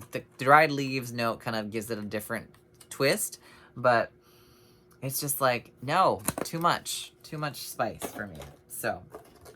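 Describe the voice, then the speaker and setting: A man's voice: on the low side, bright, forceful tone, a little hiss or hum. A man giving a casual, rambling review of home fragrances, chatty and full of little tangents. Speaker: scent reviewer.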